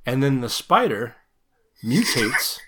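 This podcast co-host recaps a horror movie in casual, rambling chat, laughing often and cracking crude jokes. His mid-range voice is very animated yet slow. Background noise runs under the recording.

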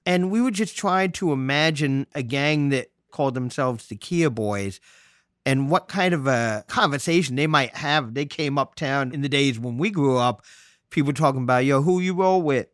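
A man from New City, hosting a podcast and telling stories in a joking, salty, animated way. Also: mid-range voice, moderate pace, dry recording, clean studio sound. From New York City. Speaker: podcast host. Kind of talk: casual storytelling monologue.

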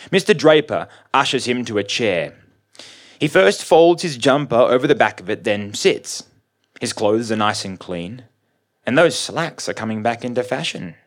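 Man reading a story, measured. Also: medium pitch. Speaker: reader. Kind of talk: scripted first-person story narration.

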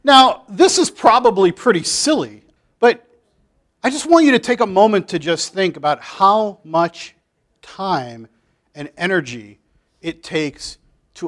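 A man leading a Bible study group in a chatty, animated way, full of filler "like"s, as he reads comics aloud. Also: high voice, slow pace. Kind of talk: casual group talk, reading comics aloud.

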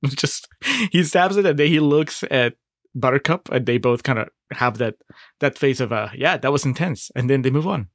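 In a casual movie review chat, a male podcast co-host with a mid-range voice wryly picks apart a film's plot, poking holes in it and laughing often. He speaks at normal speed, and the studio-quality recording has no room sound.

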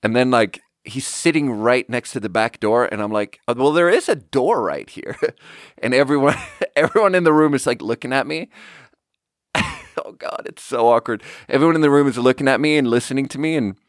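Male podcast host, chatty storyteller, acts out the dialogue, mid-pitched, dry room. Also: a little fast, no room sound. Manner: animated, acts out quoted dialogue; rambling with frequent "like" fillers. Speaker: podcast host and bar manager. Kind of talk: casual storytelling.

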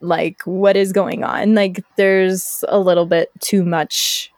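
A woman's voice: lowish voice, slow, dry recording, clean studio sound. A young woman, a podcast guest, telling a personal story in casual chat and acting out the people in it. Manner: animated, acts out quoted people.

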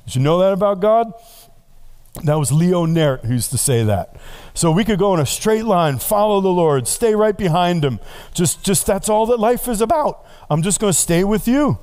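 In his sermon, this middle-aged male preacher tells the story with lively energy and playful asides, using a smooth, high voice at normal speed.

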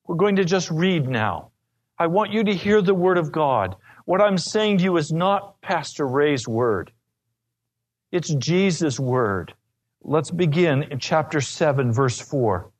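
A man with a fairly high voice preaches a sermon. He tells stories from his work as a pastor in an earnest, plain way, pressing each point home.

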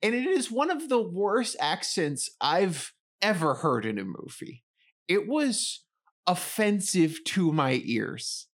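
A man co-hosting a podcast, chatting casually about a movie in a jokey, expressive way. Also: high-pitched, takes it slowly. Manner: expressive, jokey, agreeable backchannels. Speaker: podcast co-host.

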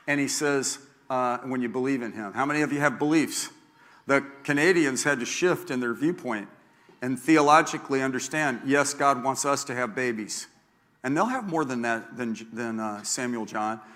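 Folksy older pastor, bright voice. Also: male voice, mid-range voice, moderate pace, long reverb tail. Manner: folksy, joking, repeats himself. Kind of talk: sermon. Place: church sanctuary.

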